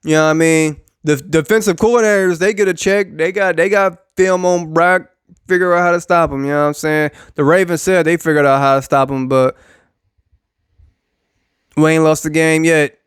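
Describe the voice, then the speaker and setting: A young man with a high, smooth and clear voice rants in casual sports commentary. He is sarcastic and profane and keeps repeating phrases. The sound is dry and close. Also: steady tone, moderate pace, no room sound.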